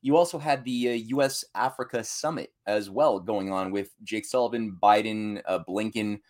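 A man's voice: fairly low pitch, normal speed, darkish tone. A man appearing as a podcast guest in casual political talk, rambling and listing things with many fillers. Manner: rambling, loose with fillers, lists items.

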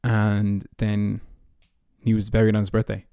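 The early-twenties Irish podcast host here sounds fairly low, dark, clear and resonant, his delivery completely flat and measured in pace, recorded cleanly in a studio without echo. He rambles casually through personal stories, chatty and heavy on fillers like "like" and "you know."

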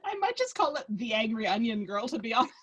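A woman's voice: on the high side, sing-song, fast, husky, highs cut off. A woman co-hosting a casual podcast chat. She tells stories in a rambling way, with lots of laughter and restarts. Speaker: podcast co-host.

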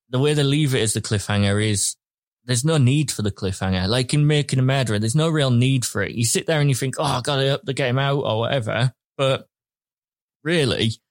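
A man in casual podcast chat who trails off and restarts his sentences as he goes. His voice sits at a mid pitch. The sound is dry and close. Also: no echo. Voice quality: rambling, hesitant phrasing. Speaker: podcast co-host. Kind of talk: casual chat, reviewing a series.

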